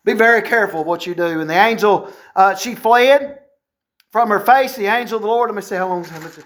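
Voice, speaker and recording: A middle-aged man preaching a sermon as a pastor, folksy and animated, with wry asides. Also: high voice, brisk. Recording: echoey room sound.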